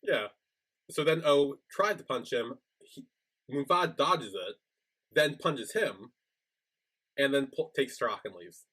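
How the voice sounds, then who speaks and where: A man's voice: medium pitch, lively intonation, slow pace, pauses often, a bit bright, slightly rough. A man co-hosting a podcast, chatting casually as he retells a show's episode and acts out the characters' lines. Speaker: podcast co-host. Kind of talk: casual recap chat.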